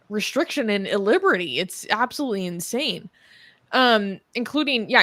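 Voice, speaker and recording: A woman co-hosting a live-stream discussion, with a mid-pitched voice. She speaks earnestly and pauses to search for words. The sound is dry and close. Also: bright, forceful tone, no echo. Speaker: co-host.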